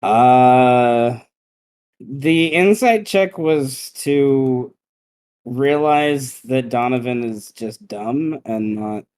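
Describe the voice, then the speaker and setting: A man running a tabletop game, narrating slowly and deliberately. He pauses often, filling the gaps with "uh" and "um" as he works out what happens next. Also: mid-range voice, darkish tone. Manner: slow, hesitant, with many fillers. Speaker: game master.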